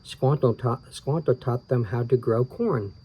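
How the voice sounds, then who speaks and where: A man reading a children's book aloud, relaxed and tired, stopping for small asides and rereading his slips. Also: mid-range voice, a little slow, breathy edge, rough recording. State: tired, yawning. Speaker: reader of children's books.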